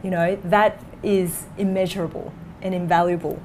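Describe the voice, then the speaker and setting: A woman coach telling a client's story and pitching her course with enthusiasm in an online interview. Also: flat delivery, moderate pace, a little mellow, a little hiss or hum. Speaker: coach for dentists.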